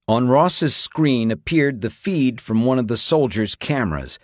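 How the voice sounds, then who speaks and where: A man reading an audiobook with dramatic, expressive narration. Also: mid-range voice, unhurried, few pauses, dry recording, studio quality. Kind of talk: scripted narration.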